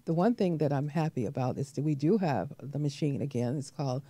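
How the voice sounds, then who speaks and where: Host, woman, very low mellow voice, dry close sound, affirming and gentle. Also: brisk, breathy edge, dry recording. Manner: affirming, frequent mm-hmms, gentle storytelling. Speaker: talk show host, nurse practitioner. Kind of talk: supportive interview talk.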